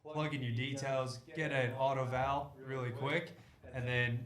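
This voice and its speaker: A man co-hosting a podcast, explaining things in quick, clipped phrases during casual chat. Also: medium pitch, flat delivery. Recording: echoey room with crowd noise.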